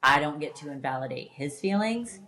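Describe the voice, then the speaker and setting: Low-voiced, blunt woman podcast host. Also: animated, brisk, sharp tone. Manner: emphatic, blunt, swears freely. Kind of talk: candid casual chat.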